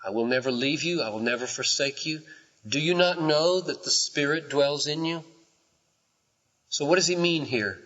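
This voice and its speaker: An older man preaching a sermon with impassioned swings from quiet to shouting, recorded in a church hall. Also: a little high, moderate pace. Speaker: pastor. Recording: dull recording in a large hall.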